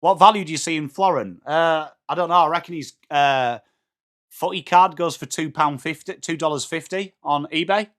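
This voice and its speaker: This English-accented man from England does live football reaction as a watchalong streamer, calling out chatters by name while swearing with blunt excitement. His pitch is a little high and his pace moderate.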